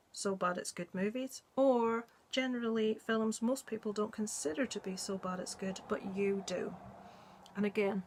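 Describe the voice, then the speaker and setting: Chatty woman rambling about movies. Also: mid-range voice. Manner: chatty, rambling, many ums and asides. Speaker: movie vlogger. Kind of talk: casual chat.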